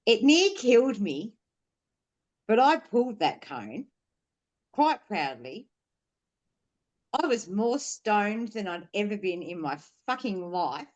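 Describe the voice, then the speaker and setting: A woman on a podcast, telling a personal story candidly, swearing freely and rambling with fillers. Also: mid-range voice. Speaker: podcast guest.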